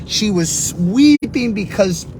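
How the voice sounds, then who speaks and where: A middle-aged man teaching earnestly on prayer, preaching in a conversational way and telling personal stories. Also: slow pace. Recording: steady rumbling background noise.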